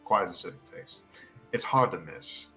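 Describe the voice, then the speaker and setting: A man's voice: sits low, animated, moderate pace, sharp tone, faint music behind. A man running a tabletop game as game master, narrating loosely with many fillers and restarts. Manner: rambling, filler-heavy narration with voiced townsfolk.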